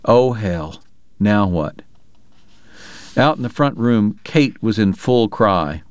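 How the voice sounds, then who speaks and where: A man narrating a novel in a measured, even reading. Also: fairly low pitch, smooth, no room sound, clean studio sound. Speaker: audiobook narrator. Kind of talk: scripted narration.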